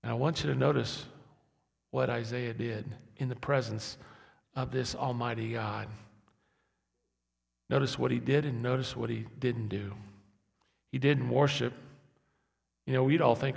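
Impassioned gravelly preacher in his sixties. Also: unhurried, long pauses. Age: 60s. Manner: impassioned, building to loud emphatic peaks then dropping low. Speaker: pastor. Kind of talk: sermon. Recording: echoey hall.

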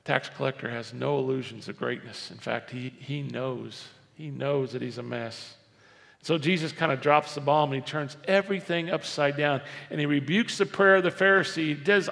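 A man preaching a sermon as a pastor, swinging between loud emphasis and quiet, low asides. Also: unhurried, gravelly, in a large hall. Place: church.

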